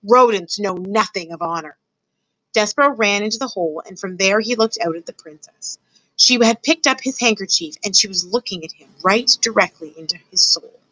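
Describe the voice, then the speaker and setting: Woman reader, expressive storybook narration, bright voice, dry close sound. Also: mid-range voice, a little fast, no echo, rough recording. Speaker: student reader. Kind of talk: reading a storybook aloud.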